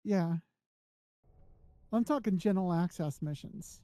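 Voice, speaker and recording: Very dark-voiced woman chatting while gaming. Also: lowish voice, measured pace, no room sound. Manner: chatty, animated, excitable. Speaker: host and gamer. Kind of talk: casual livestream gaming chat.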